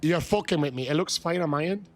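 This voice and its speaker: A man live-streaming a game, chatting with viewers, shouting excited greetings and swearing. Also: on the high side, fast. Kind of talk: live-stream chat while gaming.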